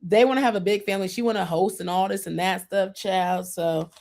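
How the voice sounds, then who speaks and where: A woman's voice: medium pitch, fairly even intonation, a little fast, vocal fry, darkish tone. Chatty woman hosting a TV recap. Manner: chatty and opinionated, acts out quotes from the show. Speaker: host. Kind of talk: casual TV recap chat.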